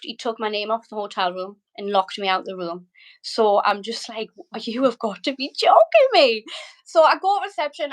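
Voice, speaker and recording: A woman's voice: medium pitch, poor audio. A British woman, a podcast guest, tells a personal story with vivid emotion, frequent swearing and many "likes". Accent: British English. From Britain.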